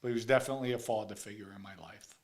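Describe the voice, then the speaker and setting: A man's voice: fairly low pitch, steady tone, rapid-fire. A man hosting a casual live chat show, talking emphatically and repeating words for stress. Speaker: livestream host.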